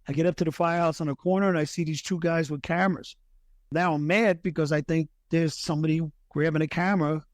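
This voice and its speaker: A middle-aged man, a retired firefighter, telling a personal story as a podcast guest, earnest and halting, often restarting his sentences and sometimes thick with emotion. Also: on the high side, darkish tone, no room sound.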